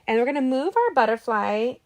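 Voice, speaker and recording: A woman's voice: a little high, very animated, a little fast, slight background noise. Bubbly woman chatting through a live craft class. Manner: bubbly, talks to viewers directly, reads out chat; gets emotional when talking about a late friend. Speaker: card-making instructor and live-stream host.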